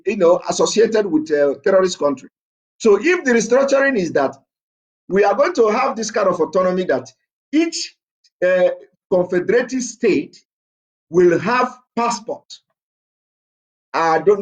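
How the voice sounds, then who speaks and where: A man's voice: high voice, highs cut off. A man preaching with passion, emphatic and defiant, hammering his points through repetition. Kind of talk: impassioned political preaching.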